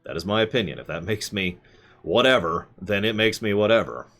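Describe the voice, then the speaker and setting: A man's voice: fairly low pitch, expressive, fairly quick, fairly bright tone. A man streaming live, answering chat with rambling, self-correcting opinions.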